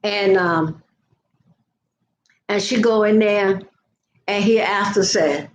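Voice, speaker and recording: A woman's voice: mid-range voice, slow pace, pauses often, reverberant, slight background noise, low-quality recording. An older woman telling stories to viewers in a chatty live video, laughing often. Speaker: vlogger. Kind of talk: casual live chat.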